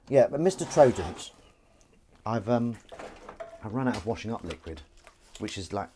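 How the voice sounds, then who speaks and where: Rambling Southern English man, lively pitch. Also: normal speed, a little hiss or hum. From England. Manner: rambling, self-mocking banter with chat. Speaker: live-stream host. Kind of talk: casual live-stream chat while washing up.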